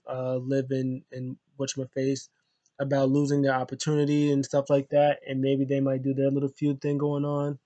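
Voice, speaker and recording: A man's voice: mid-range voice, no room sound. A young man giving a casual, rambling wrestling show recap with lots of slang and fillers.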